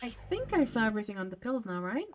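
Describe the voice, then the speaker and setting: A woman casually commenting while she plays a game, chatty and quick to react with giggles and exclamations. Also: fairly high pitch, sing-song, a little hiss or hum. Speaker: gameplay video host. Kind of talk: casual let's-play commentary.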